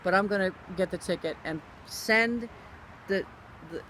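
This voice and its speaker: A woman telling a personal story in a casual spoken way, animated and acting out what other people said, often restarting and correcting herself. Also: mid-range voice, unhurried, slight background noise. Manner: animated, acts out other people's quoted lines; frequent restarts and self-corrections.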